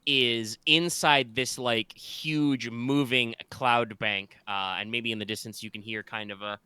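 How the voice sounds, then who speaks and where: Bright, smooth-voiced game master. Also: male voice, medium pitch, steady tone, measured pace, no room sound. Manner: rambling, with many fillers and restarts. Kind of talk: narrating a tabletop game.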